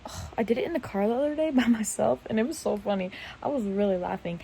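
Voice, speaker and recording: A woman's voice: fairly high pitch, lively intonation, fast talker, vocal fry, warm tone, a little hiss or hum, rough recording. A young woman chatting casually into her phone camera in bed at night, rambling and laughing at herself. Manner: rambling, self-mocking, giggly. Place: bedroom at night.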